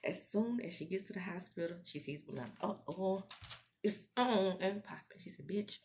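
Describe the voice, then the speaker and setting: A woman's voice: lowish voice, normal speed, slight background noise. A woman recapping a TV episode in a casual vlog, laughing and acting out the characters' lines as she retells the scenes. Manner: animated, laughing, acts out quotes in character. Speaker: TV recap vlogger.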